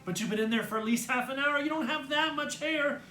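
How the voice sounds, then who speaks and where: A man puts on a pushy, impatient teenage girl, pitched well up and lively, pleading and nagging her brother in a storybook reading. The voice lands in an echoey room with a faint hum underneath. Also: measured pace, soft background music, heavily acted.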